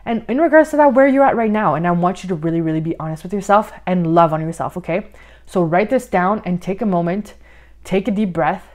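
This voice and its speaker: A woman life coach talking through a podcast lesson in an encouraging way, often saying "like" and a little out of breath. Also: fairly low pitch. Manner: warm, encouraging, uses many "like" fillers. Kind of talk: podcast monologue, guided coaching.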